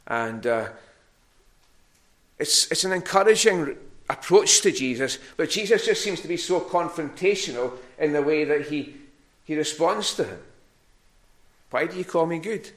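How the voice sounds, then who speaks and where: A man's voice: on the high side, lively intonation, normal speed. A man preaching a sermon to a congregation in a church hall. He speaks conversationally and often repeats words while he searches for the next one.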